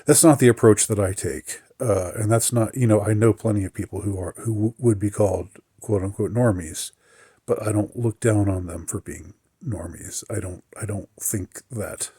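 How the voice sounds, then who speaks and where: A man in a casual solo monologue, his voice low and a little husky. He halts often, restarts his sentences and fills pauses. The sound is dry and close, with no room around it. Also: mellow, dry recording. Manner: halting, many fillers and restarts; reflective, mildly aggrieved. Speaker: podcaster.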